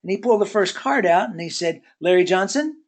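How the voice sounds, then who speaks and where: A man giving a relaxed webinar talk on workplace accountability, telling folksy personal stories with many pauses and filler words. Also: high-pitched. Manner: folksy storyteller.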